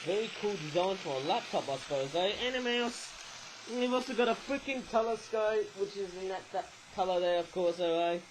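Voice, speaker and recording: High-voiced rambling man saying "eh?". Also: brisk, noisy background. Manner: rambling, ends phrases with a questioning "eh?"; often gropes for words aloud. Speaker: toy reviewer. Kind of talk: casual toy review vlog.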